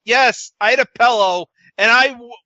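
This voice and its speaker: Bright, high-voiced man recapping wrestling. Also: moderate pace, dry recording, dull audio. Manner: sarcastic, swears, quotes wrestlers in put-on voices. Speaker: podcast co-host. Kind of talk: casual wrestling recap chat.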